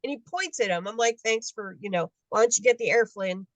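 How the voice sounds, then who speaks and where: A woman's voice: medium pitch, a little fast, no room sound, rough recording. A woman in her fifties telling her story casually on a video call, acting out the dialogue of people she met. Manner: animated, acts out dialogue in quotes. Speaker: guest adoptee.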